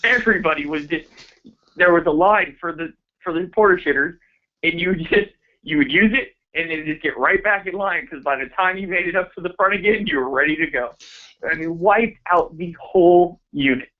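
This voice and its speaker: A man co-hosting a radio show, telling a war story in a blunt, profane, deadpan way. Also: a little high, normal speed. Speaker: radio co-host. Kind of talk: casual chat. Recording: dull lo-fi radio show audio.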